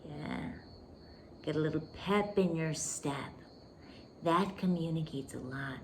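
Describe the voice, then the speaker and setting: Woman host, low voice, intimate coaching monologue, faint hiss behind. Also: slow pace. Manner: intimate, emphatic, calls listener "baby", drops to whispers. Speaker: podcast host.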